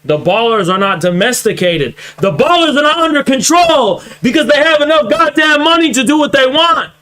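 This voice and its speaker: A high, bright-voiced young man does profane reaction commentary on his stream. He mocks what he hears and swears freely, his voice sharp and forceful as he works himself up. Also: big pitch swings, normal speed. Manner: mocking, swearing, growing heated. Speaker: political streamer reacting to clips.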